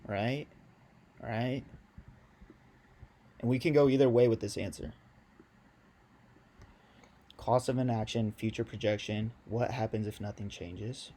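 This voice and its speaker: A young man coaches sales in a loose, slangy video lesson, talking straight to his viewers. His voice sits fairly low and has a dark, mellow tone.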